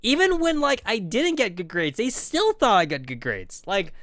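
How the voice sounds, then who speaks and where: A man's voice: sits high, wildly swooping pitch, normal speed, fairly bright tone, no room sound. A man streaming and telling a rambling story with lots of fillers, on a close mic. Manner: rambling, filler-heavy, jumps between voices. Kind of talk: casual storytelling.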